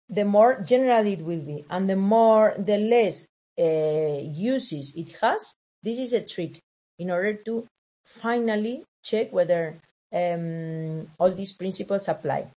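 Slow, hesitant woman lecturing. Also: mid-range voice, a little mellow. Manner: hesitant, many fillers and self-corrections. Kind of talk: recorded lecture over slides.

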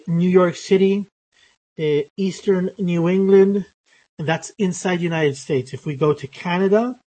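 A man giving a recorded lecture on English phonetics, halting often with fillers and restarts as he works through his slides. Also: on the high side, darkish tone, low-quality recording.

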